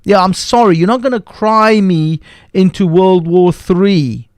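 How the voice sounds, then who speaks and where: A man's voice: high-pitched, measured pace, no room sound, studio quality. A man hosting a live stream, ranting in profane, heated commentary that often breaks off and restarts. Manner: profane, heated, interrupts himself. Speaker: livestream host.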